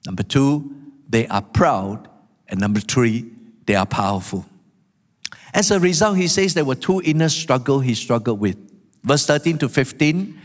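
A man preaching a sermon, animated, acting out the quotes he tells. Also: mid-range voice, normal speed. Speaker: pastor. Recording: long hall reverb.

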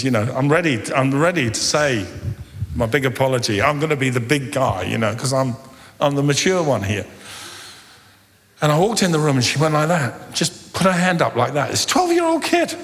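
A middle-aged man preaching a humorous sermon, animated and telling stories with acted-out dialogue. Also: medium pitch. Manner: animated, jokey, acts out dialogue. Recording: long hall reverb.

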